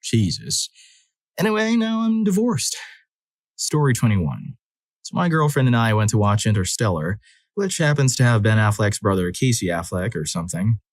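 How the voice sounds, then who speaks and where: A man reading listener stories aloud as the narrator of a compilation, in an expressive, dramatic style that acts out the quotes. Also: lowish voice, brisk, no room sound. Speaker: story narrator. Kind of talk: scripted narration of reader stories.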